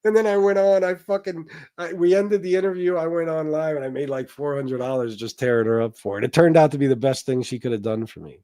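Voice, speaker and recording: Quick-paced, with a slightly high voice and a dark tone, a middle-aged livestream host of Sicilian heritage tells brash, profane stories and reads his chat aloud to answer it. The recording is dry and studio quality.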